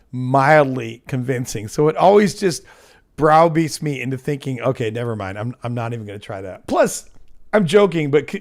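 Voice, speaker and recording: An American man hosting a casual livestream, rambling and self-mocking with lots of fillers and restarts. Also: medium pitch. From United States. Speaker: livestream host.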